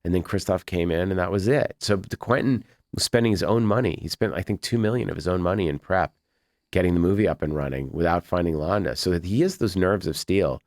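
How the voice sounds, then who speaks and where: A man's voice: low voice, quick pace, a little mellow, no room sound, studio quality. A man from Boston, a film director as a guest, talking casually in a podcast interview and acting out what other people said as he tells his stories. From Boston, USA. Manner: rambling storyteller who acts out quoted people.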